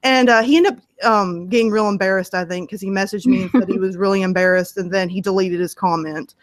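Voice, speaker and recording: A woman sits as the guest in a relaxed interview and tells her stories in a chatty, easygoing way, laughing as she goes. Her voice sits mid-range and sounds close and dry, with no room around it. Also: medium pitch, fast talker, no room sound. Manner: chatty, storytelling, laughs often. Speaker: interview guest, story narrator. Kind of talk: casual interview chat.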